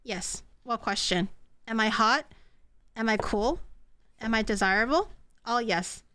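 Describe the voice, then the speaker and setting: A young woman streams from her home kitchen, cooking and bantering with chat. Her voice sits high and bright. She teases her viewers and often breaks into laughter. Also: a little slow. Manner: playful, teasing, bursts into laughter. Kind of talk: casual live-stream chat while cooking.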